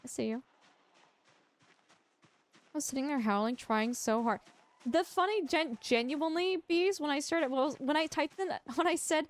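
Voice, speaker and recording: A woman livestreaming a game, chatting casually and teasingly with her viewers, with quiet music behind her. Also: high-pitched, normal speed, long pauses. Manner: chatty, animated, teasing, talks to chat. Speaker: streamer. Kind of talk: casual livestream chat while gaming.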